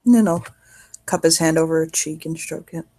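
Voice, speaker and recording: Role-play player, female, husky, lowish voice, slow giggly delivery. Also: mellow. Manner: giggly, loose, lots of "like". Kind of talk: casual narrated role-play.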